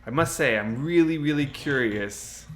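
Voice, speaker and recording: A man's voice: mid-range voice, moderate pace, a little hiss or hum. Chatty male streamer answering viewer chat. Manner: laughs often, with many fillers like "you know". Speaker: game streamer. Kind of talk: casual live-stream chat.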